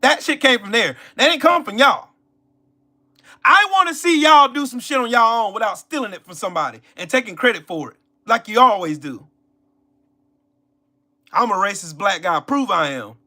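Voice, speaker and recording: A man hosting a live stream, loudly taunting his viewers, mocking them in put-on voices and repeating himself. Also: sits high, expressive, moderate pace. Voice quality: loud, confrontational, mocking. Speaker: livestream host. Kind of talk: live-stream political rant.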